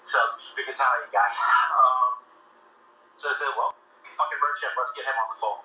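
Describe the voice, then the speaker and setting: A man's voice: medium pitch, steady tone, moderate pace, sharp tone. A man telling a story over a phone call in a blunt, profane way. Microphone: phone line. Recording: muffled echoey phone call audio.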